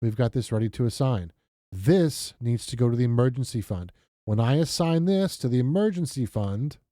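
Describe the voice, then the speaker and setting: A man talking casually through his budgeting software on screen, chatty and self-deprecating, with lots of fillers and restarts. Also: mid-range voice, no echo, clean studio sound. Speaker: budgeting vlogger. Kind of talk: casual screen-share walkthrough.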